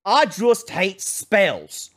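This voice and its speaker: A man voicing a crude, slow-witted male combat professor who swears constantly and talks bluntly. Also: sits high, wildly swooping pitch, exaggerated voice. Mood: gruff.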